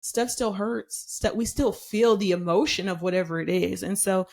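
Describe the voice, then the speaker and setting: A woman hosting a podcast Bible study, teaching in a conversational, emphatic way and reading scripture slowly and deliberately. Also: mid-range voice, gravelly, a little mellow.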